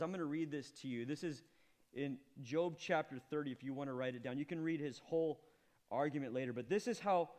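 Male pastor, sermon, high voice, dramatic and emphatic, speaks straight to the congregation. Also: a little mellow.

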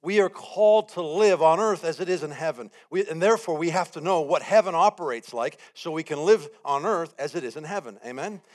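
A man preaching a sermon as guest speaker, telling a story with lively acted-out quotes and building repeated phrases. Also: a little high, a little fast, hardly any pauses. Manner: animated storytelling, acts out his own panic and quotes.

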